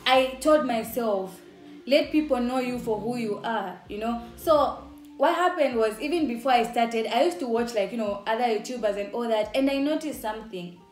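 Young Zambian woman, upbeat chatty vlogger with a bright, high-ish voice, echoey room, faint music behind. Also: moderate pace. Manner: upbeat, chatty, laughs often. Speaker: YouTuber. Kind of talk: casual vlog talk to camera.

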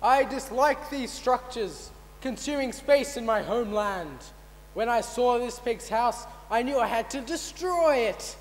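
A man's voice: very high voice, animated, measured pace, in a large hall, voice pushed up, low-quality recording. A man playing a grandiose territorial wolf. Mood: menacing. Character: pompous territorial male wolf. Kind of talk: amateur comedy stage acting.

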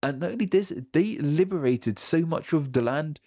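A man co-hosting a history podcast, talking in a relaxed, chatty way with fillers and restarts. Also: a little high, normal speed. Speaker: podcast co-host. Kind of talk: casual history podcast chat.

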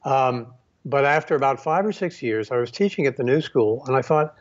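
A male photographer being interviewed, telling stories in an unhurried way with many fillers and restarts. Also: medium pitch, animated, muffled recording. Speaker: photographer guest. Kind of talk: reflective storytelling.

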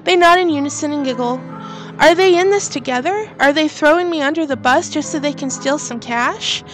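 A high-voiced woman hosts a let's play of a horror game, reading the story text aloud as the main character. She breaks off for lively, emphatic reactions to what happens. Her delivery shifts between steady reading and animated commentary. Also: a little fast, soft background music. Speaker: gaming channel host.

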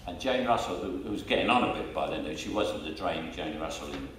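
Here the older Cockney interviewee sits low in pitch, with lively intonation, a brisk pace and a fairly bright tone. He's chatty and anecdotal, laughing a lot and repeating words as he starts over. Slight background noise, an echoey room and a distant mic mark the recording.

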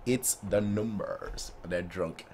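Animated man reacting to manga. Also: low-pitched, takes it slowly, vocal fry, husky. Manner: animated, puts on silly voices for characters. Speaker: manga reaction channel host. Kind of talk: excited manga reaction commentary.

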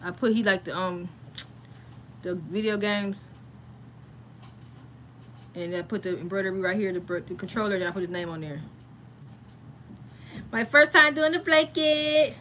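A woman's voice: fairly low pitch, steady tone, moderate pace, long pauses, a little hiss or hum. A woman in her thirties, hosting a casual crafting livestream from home and chatting familiarly with her viewers.

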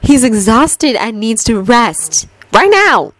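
A woman's voice: on the high side, fairly quick, dry recording, natural voice, low-quality recording. A woman voicing a stern older female healer who gives firm, scolding orders in a raised voice.

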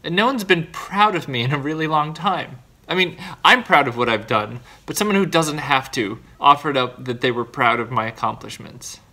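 A man's voice: fairly high pitch, moderate pace, few pauses, pushed and bright. A man talking to the camera in a confessional video diary, earnest and self-deprecating, rambling through his thoughts with restarts. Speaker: vlogger.

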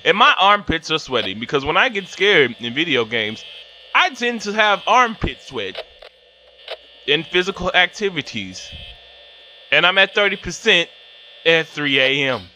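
A young man excitably commenting on a horror game he is playing, swearing often. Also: a little high, unhurried, slight background noise. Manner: excitable and profane. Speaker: gaming channel host. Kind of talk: gaming commentary.

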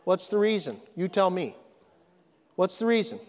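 A man's voice: sits high, sing-song, normal speed, a little mellow, in a large hall. A man preaching a sermon to his congregation, emphatic, repeating phrases and asking if they are listening. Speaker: pastor. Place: church sanctuary.

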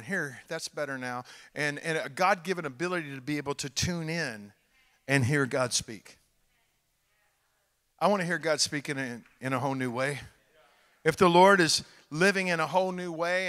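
Middle-aged Texan man, guest preacher, bright and forceful voice, folksy sermon in a reverberant church hall. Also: on the high side. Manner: folksy, animated, jokes with the congregation.

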